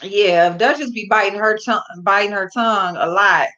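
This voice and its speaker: A woman's voice: mid-range voice, moderate pace, bright, forceful tone. A woman hosting a livestream, chatting casually with viewers, slangy and blunt, swearing and giggling through her words. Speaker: livestream host. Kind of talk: casual chat with live viewers. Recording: dull lo-fi livestream audio.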